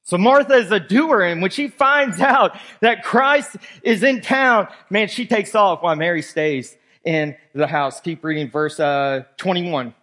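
A man with a very high voice for a man preaches a sermon. He reads scripture aloud and puts emphatic weight on each point as he works through the verses. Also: unhurried, hardly any pauses, sharp tone. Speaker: pastor.

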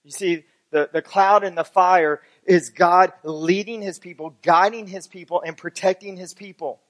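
A man's voice: high-pitched, fairly even intonation, normal speed. A man preaching a sermon as pastor, reading scripture aloud and explaining it, building toward fervent exhortation. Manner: builds from quiet teaching to fervent, rising preaching.

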